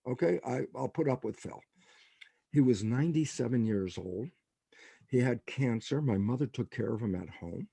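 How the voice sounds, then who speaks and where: A man's voice: medium pitch, moderate pace, gravelly, breathy edge, no echo. An older man, a scientist guest in a podcast interview, telling stories and acting out the lines of people in them. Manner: animated storyteller, acts out quotes.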